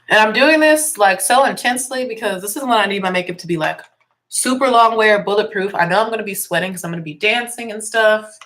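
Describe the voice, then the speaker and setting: A woman's voice: medium pitch, fairly quick, fairly bright tone, a little hiss or hum. A young woman with a slightly congested voice, chatting casually through a makeup tutorial and explaining each step as she works. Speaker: music teacher and beauty vlogger.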